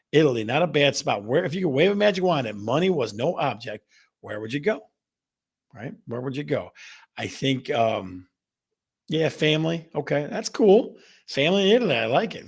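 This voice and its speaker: Middle-aged man with a gravelly voice, hosting a chatty real estate stream and asking viewers questions. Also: medium pitch. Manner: chatty, repeats phrases, asks the audience questions. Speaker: real estate show host. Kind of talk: casual live-stream chat reading viewer comments.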